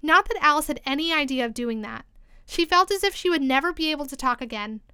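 Gentle woman storyteller, bright voice, close dry recording. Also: high voice, animated, quick pace, no echo. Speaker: narrator. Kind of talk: storybook reading.

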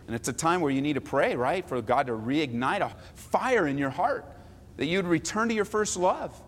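A man pastor preaching a sermon, shifting between forceful emphasis and hushed, quiet pleading. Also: on the high side, expressive, moderate pace, big-room sound. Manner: dynamic, swings from forceful to hushed.

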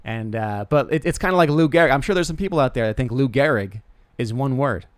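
A young man talking off the cuff in a comic monologue, mid-pitched and recorded dry and close. He rambles and restarts his sentences, and he pokes fun at himself as he goes. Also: animated, fast, no echo. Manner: rambling, self-deprecating, stammering restarts. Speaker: podcast host. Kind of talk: casual comedic monologue.

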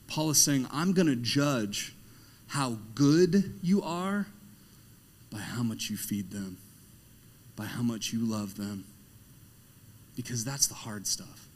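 A man, the pastor, preaching a sermon in a conversational, emphatic way, swinging between hushed moments and loud, animated ones and asking the congregation rhetorical questions. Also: mid-range voice.

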